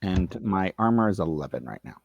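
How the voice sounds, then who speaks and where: A man playing a tabletop role-playing game stammers and repeats words as he chats casually. His voice is fairly low but moves a lot in pitch. The sound is dry and close to the mic. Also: lively intonation, fairly quick, darkish tone, no echo, dull audio. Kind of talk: casual role-play chat.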